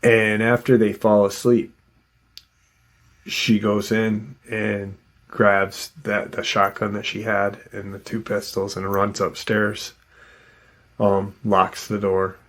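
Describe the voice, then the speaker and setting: A man narrates a tense story in an easygoing, unscripted way, leaning on "um" and "you know" as he goes. His voice sits on the low side, and he takes his time, letting the words come out slowly. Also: flat delivery, fairly bright tone. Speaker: channel host retelling an encounter.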